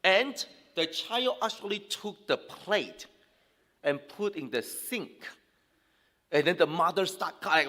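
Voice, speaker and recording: A man's voice: high-pitched, animated, takes it slowly, bright, forceful tone. A man preaching a sermon as a pastor, talking conversationally with many fillers and restarts. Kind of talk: sermon to young people. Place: church hall. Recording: long reverb in a hall.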